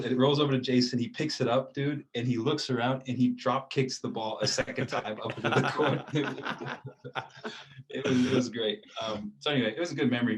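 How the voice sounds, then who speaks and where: An American man in his thirties, telling a casual story as an interview guest, with a relaxed, rambling way of talking and lots of fillers. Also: medium pitch, a little hiss or hum, low-quality recording. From United States.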